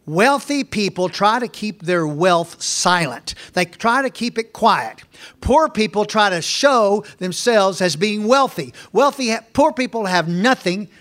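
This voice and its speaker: A man's voice: high voice, lively intonation, a little slow, a bit bright. A minister in his sixties telling folksy stories in a sermon, talking in a repetitive, emphatic way. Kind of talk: storytelling sermon.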